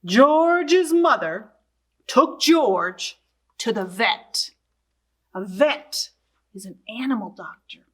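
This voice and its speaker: A woman librarian reading a picture book aloud to young children, expressive and asking them questions. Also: on the high side, slightly rough. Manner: slow, sing-song and expressive, asking young listeners questions.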